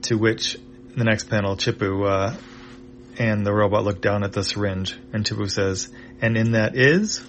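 A man reading a comic aloud panel by panel, narrating in a halting, unhurried way. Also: fairly low pitch, little pitch movement, a little hiss or hum. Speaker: comic reader.

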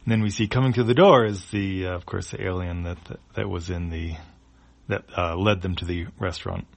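A man with a low, gravelly voice talks through a comic strip panel by panel. His read is loose and unscripted, with hesitations and restarts. He speaks in a casual, easygoing way. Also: fairly even intonation, a little fast. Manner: describes panels with fillers and restarts. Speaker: comic reader. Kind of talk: casual reading of a web comic.

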